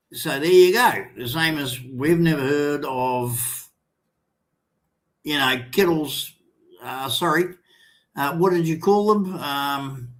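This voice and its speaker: The livestream host is an older Australian man with a medium-pitched voice. He talks casually, reading viewer comments aloud in a halting, rambling way and restarting often.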